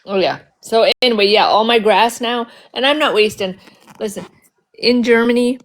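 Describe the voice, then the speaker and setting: A woman's voice: a little high, moderate pace. Chatty, rambling American-born woman. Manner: rambling, chatty, full of asides and restarts. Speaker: guest in a live chat. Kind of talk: casual chat.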